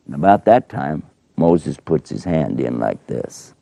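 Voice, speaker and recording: A man telling a religious story to children in a folksy, animated way. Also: very deep voice, measured pace, gravelly, no echo.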